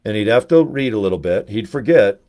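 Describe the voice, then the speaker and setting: A man talking casually to camera, telling rambling, animated anecdotes as a network marketer. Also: on the low side, a little fast.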